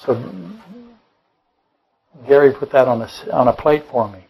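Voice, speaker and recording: A man's voice: mid-range voice, fairly even intonation, moderate pace, slightly rough, dull audio. A man preaching a Bible-study sermon, rambling and correcting himself mid-sentence, firing off rhetorical questions and dropping joking asides. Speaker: pastor.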